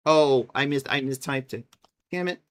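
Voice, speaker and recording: A woman's voice: a bass voice, normal speed. A woman casually chatting and thinking aloud while she plays a game on a live stream, sometimes mocking herself. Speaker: livestreamer.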